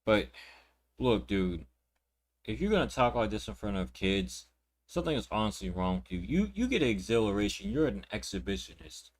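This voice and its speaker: A young man hosting a reaction video, ranting with indignation and plenty of swearing. His voice sits on the low side, and he often repeats words and restarts his sentences as he talks. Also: very animated, normal speed. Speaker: reaction channel host. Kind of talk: reaction commentary.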